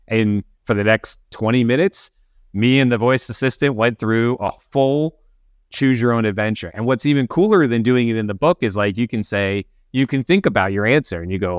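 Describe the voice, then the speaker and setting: Man, low voice, dry close recording, casual podcast chat, animated storyteller. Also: a little fast, smooth, no echo. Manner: chatty storyteller, acts out quotes in a raised voice. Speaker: co-host.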